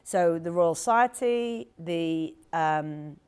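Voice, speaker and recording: A woman author in conversation at a live event, telling an anecdote in a lively, animated way with quick asides. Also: fairly low pitch, clear, resonant tone. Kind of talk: storytelling talk at a live event. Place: event hall with audience.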